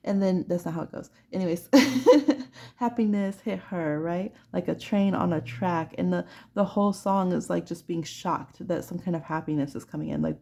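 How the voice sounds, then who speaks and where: A woman's voice: on the low side, moderate pace, creaky, darkish tone. A woman giving a chatty pick-a-card tarot reading who laughs often and acts out little voices. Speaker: tarot reader.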